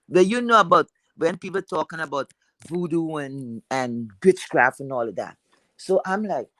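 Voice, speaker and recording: A woman with a deep, heavy voice telling a personal story in a chatty, rambling way, full of fillers. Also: dry recording, rough recording.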